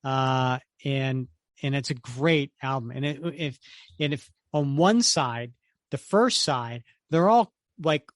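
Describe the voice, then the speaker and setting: With a mid-range voice and a slow delivery, this middle-aged man co-hosts a podcast in an animated, casual way. His chat is sprinkled with laughter and snippets of song, in clean studio sound with no echo.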